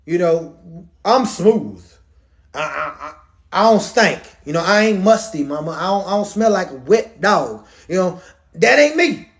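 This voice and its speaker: Man playing a nervous young son, pleading, slangy, high-ish voice. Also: very animated, measured pace, exaggerated voice.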